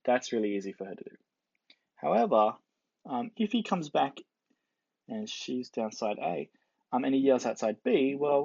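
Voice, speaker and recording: Gravelly man lecturing casually. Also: mid-range voice, darkish tone, no echo. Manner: playfully acts out quoted characters. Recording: dull lo-fi dry recording.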